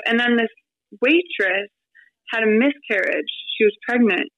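A woman in her thirties, a podcast guest, telling her story in a chatty, animated way with lots of fillers and quoted asides. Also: fairly high pitch, a little fast, dry recording, phone-quality sound. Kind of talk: casual storytelling interview.

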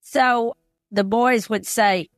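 A woman's voice: a little high, fairly even intonation, takes it slowly, no room sound, studio quality. An older woman as an interview guest, telling a personal story in an earnest, heartfelt way. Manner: earnest, heartfelt, retells past conversations.

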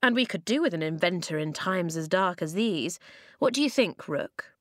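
Woman voicing calm boy tribe leader, measured, lowish, dry sound. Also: dry recording. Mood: thoughtful.

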